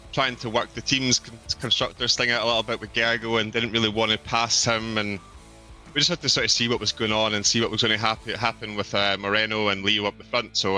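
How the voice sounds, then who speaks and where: A man with a lowish voice and a very sharp, bright edge to it chats after winning a race. He rambles in a relaxed way, padding his sentences with ums. Faint music sits behind him. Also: fairly quick. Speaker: race-winning driver interviewed. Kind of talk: casual post-race interview.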